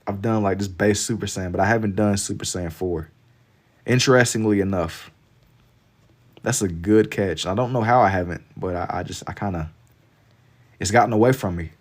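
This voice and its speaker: A Kentucky man with a Southern accent chats casually while drawing on a live stream, his voice on the low side at normal speed. He pauses often and rambles in a laid-back way, leaning heavily on "like."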